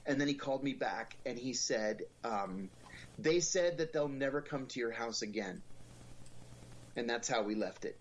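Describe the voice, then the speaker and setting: A middle-aged man talks as a guest on an interview show. His delivery is wry and lively, and he slips into little acted voices for the people in his stories. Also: mid-range voice, moderate pace, a little hiss or hum. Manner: wry, animated storytelling with quoted voices. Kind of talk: storytelling in an interview.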